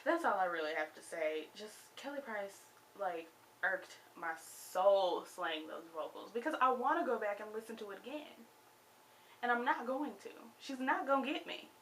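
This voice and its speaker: A woman vlogger reviewing a TV show in a casual, exasperated rant with sudden loud outbursts. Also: mid-range voice, lively intonation, normal speed, slight background noise. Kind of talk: casual ranting commentary.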